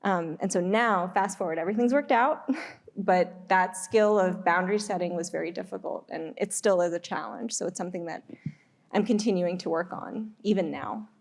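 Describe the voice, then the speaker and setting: Low-voiced woman, candid panel talk. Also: slight background noise. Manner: candid, measured, frequent ums. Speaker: alumni panelist, attorney.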